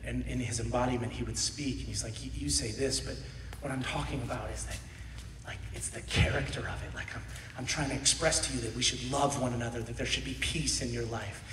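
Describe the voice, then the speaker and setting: A man in his thirties preaching a sermon, animated, swinging between shouts and quiet asides, laughing often. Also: medium pitch, a little hiss or hum. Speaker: pastor. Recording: echoey hall from far off.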